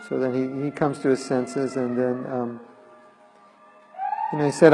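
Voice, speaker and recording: A man's voice: mid-range voice, level tone, slow pace, long pauses, in a large hall, over music, poor audio. A man giving a devotional talk and retelling a sacred story, acting out the quoted lines. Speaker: lecturer. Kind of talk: devotional lecture.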